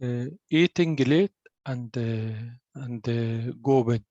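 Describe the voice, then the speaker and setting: A man learning English in an online class, halting and searching for words. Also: mid-range voice, mellow, no room sound, lo-fi sound. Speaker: English student.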